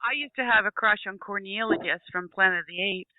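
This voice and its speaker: A woman's voice: mid-range voice, fairly quick. A woman chatting on a radio talk show, tossing in dry, joking quips. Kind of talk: casual chat. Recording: tinny phone-like line.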